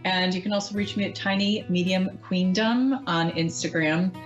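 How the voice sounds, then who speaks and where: A woman hosting a live call-in psychic radio show, talking in a gentle, reassuring way with frequent ums. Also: fairly low pitch, fairly even intonation, normal speed, dull audio, faint music behind.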